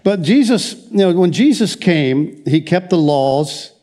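A man's voice: on the high side, expressive, a little slow, mellow. An older man preaching a conversational sermon as pastor, rambling along with frequent restarts and wry asides.

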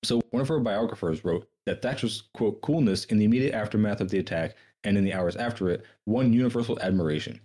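A man talks quickly in a husky, slightly low voice, reading historical passages on a casual podcast. He breaks off often to swear and mock what he has just read, then carries on. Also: dark tone. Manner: profane, sarcastic, reads quotes then riffs. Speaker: podcast co-host.

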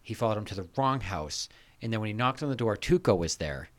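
A man's voice: on the low side, lively intonation, fast talker. A man co-hosting a podcast, teasing the others and egging them on to tell their stories in a casual chat. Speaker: podcast co-host.

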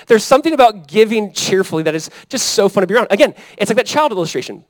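A man in his thirties preaching a sermon as pastor, in a conversational, animated way that often checks in with the congregation. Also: high-pitched, fast, few pauses, no echo, low-quality recording. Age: 30s. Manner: conversational, animated preaching with frequent "right?" and "Amen?".

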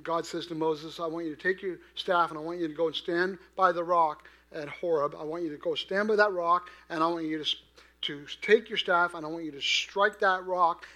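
A man preaching a sermon in a conversational way, asking his listeners questions and swinging from quiet to loud. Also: fairly high pitch. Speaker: pastor.

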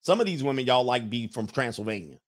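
A man's voice: medium pitch, fast, dry recording, clean studio sound. Joking man hosting reaction commentary. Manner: joking, animated, laughs often. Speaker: host.

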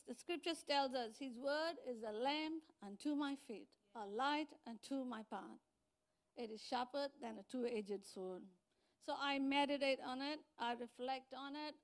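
High-voiced woman pastor preaching. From outside New Zealand. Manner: animated storytelling with acted-out quotes. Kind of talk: sermon.

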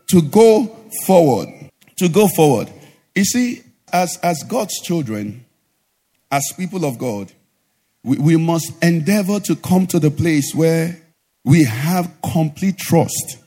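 Male pastor, high sing-song call-and-response sermon, live hall reverb. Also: a little mellow. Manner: call-and-response preaching, asks the congregation to finish sentences; sing-song rising delivery at climaxes. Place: church. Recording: live church hall with reverb and faint music.

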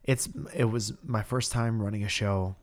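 A man with a very deep voice hosting a casual podcast. He talks in a relaxed way, wry and easygoing. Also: moderate pace. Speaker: podcast host and comedian.

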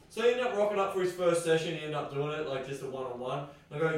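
Animated storytelling man in an echoey room. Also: fairly high pitch, fast. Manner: animated, acts out dialogue, swears freely. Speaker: podcast host. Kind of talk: casual storytelling. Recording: very echoey room, distant mic.

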